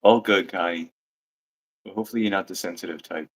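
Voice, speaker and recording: A man's voice: low voice, steady tone, brisk, over a noisy crowd, poor audio. A man co-hosting a casual livestream chat, easygoing and agreeable, reading out chat comments. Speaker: livestream co-host.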